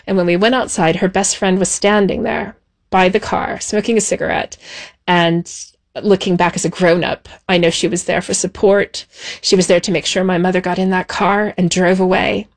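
A woman recounting her past in an interview. She speaks in a measured, reflective way, pausing softly between thoughts. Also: medium pitch, fairly even intonation. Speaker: interview guest. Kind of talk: personal recollection.

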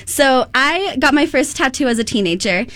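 A woman hosting a casual group conversation, telling stories in a lively way with frequent laughter. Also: high voice, normal speed, no room sound. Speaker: host.

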